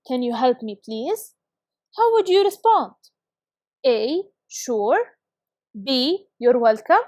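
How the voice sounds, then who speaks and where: A woman teaching a recorded English lesson with a clear, encouraging classroom delivery. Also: high voice, dark tone, no echo, studio quality.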